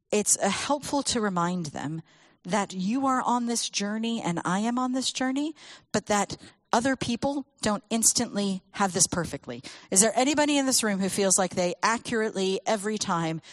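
A woman speaking to a church audience about children and faith, telling stories with lively acted quotes. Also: mid-range voice, no room sound. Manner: animated storytelling with acted quotes.

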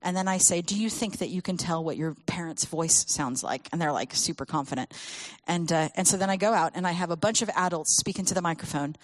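A woman with a lowish voice addresses a church gathering, recorded close and dry. She talks in an animated storytelling way and acts out the lines of the people in her stories. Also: a little fast, dry recording. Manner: animated storytelling with acted quotes. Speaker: speaker on children's ministry. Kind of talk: talk to a church audience.

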